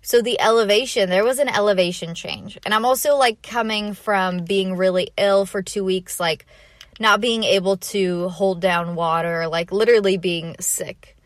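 A woman's voice: medium pitch, fairly even intonation, moderate pace, no echo. Chatty young woman, dry close sound. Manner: chatty, filler-heavy with frequent "like". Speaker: vlogger. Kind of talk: casual travel storytelling.

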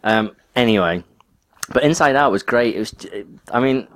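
A man's voice: mid-range voice, lively intonation, normal speed, fairly bright tone. A man, co-hosting a podcast in casual, rambling chat with lots of restarts. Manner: rambling, laughs a lot, many restarts. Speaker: podcast co-host.

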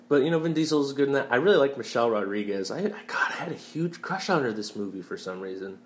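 A young man reviews films in casual, rambling talk, swearing freely and wandering off on tangents. His medium-pitched voice is expressive and quick, with few pauses, and there's a little hiss or hum in the audio.

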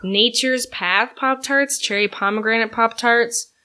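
A woman's voice: a little high, measured pace, sharp tone. A young woman co-hosting a podcast with her mother, chatting casually with lots of fillers and laughter. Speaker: podcast co-host. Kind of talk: casual chat.

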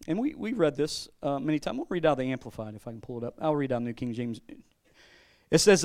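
A man preaching a sermon as pastor, with a voice a bit higher than most men's. He tells a personal story in an easy, conversational way, restarting and repeating words as he goes. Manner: conversational, repeats words, laughs, acts out quotes.

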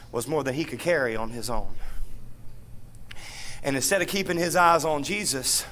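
A man's voice: medium pitch, a bit bright. A man in his thirties preaching a sermon in a playful, joking way, acting out quotes as he tells stories. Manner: playful, jokey storytelling with acted-out quotes.

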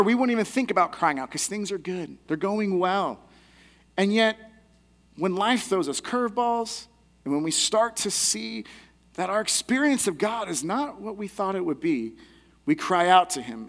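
A man with a notably high-pitched voice delivers a sermon. He speaks like a pastor teaching his congregation, in a conversational and earnest tone. He sounds like a young adult. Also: fairly bright tone.

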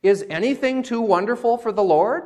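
A confident divine visitor gently scolds with emphasis, voiced by a male preacher. The pitch swings widely and lifts on stressed words. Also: huge pitch swings, moderate pace. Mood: chiding.

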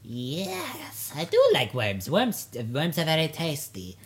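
A man voicing a dopey adult male customer who cooks with worms, in a goofy, slow, drawling way. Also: on the high side, wildly swooping pitch, exaggerated voice.

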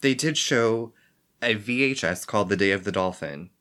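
Woman, podcast co-host, casual chat, rambling, joking, extremely low voice. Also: moderate pace, a bit bright. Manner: rambling, joking, full of "like" asides.

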